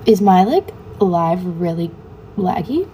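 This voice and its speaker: A woman's voice: on the low side, big pitch swings, slow pace, dark tone, a little hiss or hum. A young woman, a student, chatting casually on a phone livestream, reading viewers' comments aloud and answering them offhandedly. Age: young adult.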